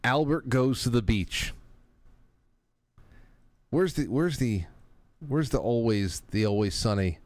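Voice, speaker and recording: A man's voice: mid-range voice, slow pace, long pauses, dry recording. A man hosting a call-in talk show, taking callers with a joking manner. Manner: lively, joking. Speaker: radio show host.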